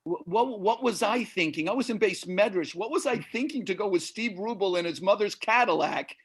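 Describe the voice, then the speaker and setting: A man's voice: high voice, brisk, slightly rough. A rabbi around sixty, a man teasing old friends wryly on a video call.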